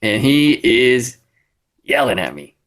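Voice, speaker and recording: A man co-hosting a casual podcast, rambling through an animated story. His voice has a middle pitch for a man and an easygoing, conversational delivery. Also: slow. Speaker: podcast co-host. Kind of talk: casual chat.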